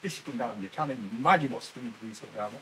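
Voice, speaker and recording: An older man, a former miner guiding visitors through a museum, telling stories with lively energy and laughing at himself. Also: medium pitch, very fast, slight background noise, poor audio. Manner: animated storyteller, laughs at himself. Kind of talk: guided tour talk. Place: indoor mining museum.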